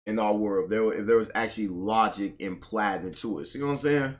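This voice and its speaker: A man in casual live-stream chat, reacting in a laid-back but emphatic way and swearing freely. His voice sits on the lower side. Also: animated, normal speed, hardly any pauses.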